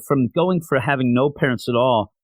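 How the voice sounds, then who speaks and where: A man reading out a young woman speaking tenderly at her mother's grave, softly and with heartfelt warmth. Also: medium pitch, normal speed, no echo, close to an everyday voice.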